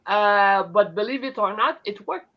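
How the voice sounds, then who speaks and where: A woman's voice: medium pitch, expressive, dull audio. A woman with a French Canadian accent, a native French speaker, chatting casually on a live stream with many restarts. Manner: chatty, halting with restarts, talks with her hands. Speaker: host.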